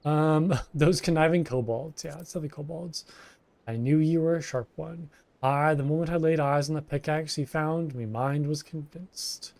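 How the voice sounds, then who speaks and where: A man reading the lines of a boastful soldier, delivered in a rough old-sailor dialect. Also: fairly high pitch, moderate pace, darkish tone.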